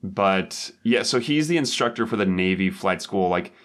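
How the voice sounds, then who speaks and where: A man's voice: sits low, animated, normal speed, fairly bright tone. A man co-hosting a podcast, chatting loosely about a movie and rambling with many filler words. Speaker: podcast co-host. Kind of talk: casual movie chat.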